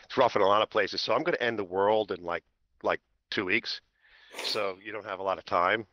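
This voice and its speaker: A man's voice: fairly low pitch, fairly quick, fairly bright tone, no room sound, voice pushed down, natural voice. A man voicing God as a casual, profane, offhand male figure. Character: deep weary God speaking casually, male. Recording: dull lo-fi voice chat.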